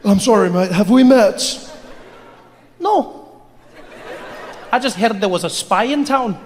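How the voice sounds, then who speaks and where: A man on stage playing a suave male spy trading smooth, flirty banter. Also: sits high, lively intonation, slow, slight background noise. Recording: echoey hall from far off.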